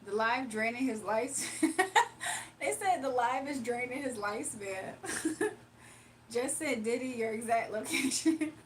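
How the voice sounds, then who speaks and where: A woman's voice: a little high, unhurried, a little hiss or hum. A woman hosting a casual livestream, reading chat comments aloud and laughing often. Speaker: livestream host.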